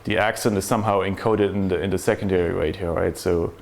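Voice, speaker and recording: A man's voice: deep voice, steady tone, fast, creaky. A man giving a technical conference talk to a room, explaining step by step and asking rhetorical questions. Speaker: conference speaker.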